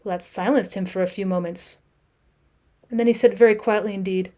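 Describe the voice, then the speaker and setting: A woman teacher reading a classic short story aloud as an audiobook. She reads dramatically, moving between hushed and raised passages. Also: medium pitch, fairly even intonation, fairly quick.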